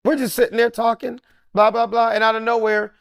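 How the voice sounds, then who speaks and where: A comedian, a man, telling an animated story and acting out the lines of everyone in it. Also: very high voice, a little fast, smooth, no echo, studio quality. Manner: lively, acts out every character's line.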